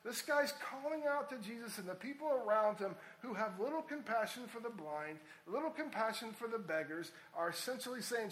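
High-voiced earnest preacher in an echoey room. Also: male voice, lively intonation, fairly quick, hardly any pauses, a bit bright. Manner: earnest, rising to emphatic appeals. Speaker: pastor. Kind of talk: sermon.

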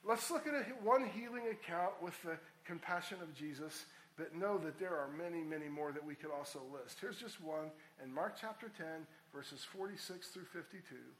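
A man's voice: fairly high pitch, normal speed, few pauses, fairly bright tone, roomy sound, a little hiss or hum, rough recording. A man preaching a sermon as a pastor, earnest and rising to emphatic appeals.

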